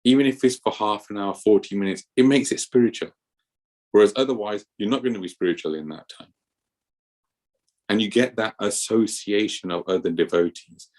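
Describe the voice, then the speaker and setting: A man giving an earnest scripture class at a temple, telling stories as he talks. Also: lowish voice. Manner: storytelling, earnest, lively with acted quotes.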